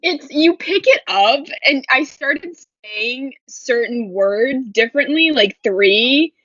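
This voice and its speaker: A woman's voice: sits high, lively intonation, slow pace, sharp tone, dry recording. A young woman and study abroad alumna, chatting casually over a video call with hesitant fillers. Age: young adult. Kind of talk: casual chat. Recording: dry, lo-fi video call audio.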